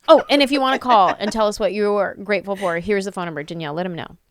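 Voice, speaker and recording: A woman hosting a podcast in casual chat, excitable and animated, acting out little quoted bits. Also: medium pitch, fast. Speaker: podcast host.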